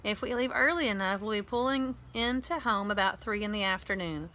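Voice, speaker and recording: A woman's voice: medium pitch, fairly quick, pushed and bright, lightly acted. A woman reading a storybook aloud, voicing a practical mother of three who lays out a trip plan in an orderly way. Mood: matter-of-fact.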